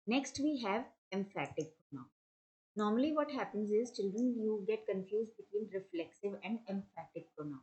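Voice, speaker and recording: Woman teacher, unhurried, patient classroom delivery, mid-range pitch. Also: darkish tone, low-quality recording. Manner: slow, patient explaining with examples. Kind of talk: grammar lesson for children.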